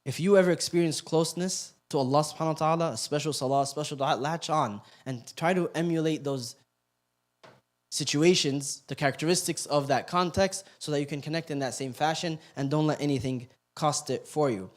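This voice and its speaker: Guy giving a youth halaqa talk, kinda high voice, cracks jokes then gets quiet n serious. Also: brisk. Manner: joking, animated storytelling, then quiet and earnest. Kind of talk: sermon to youth. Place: youth center hall.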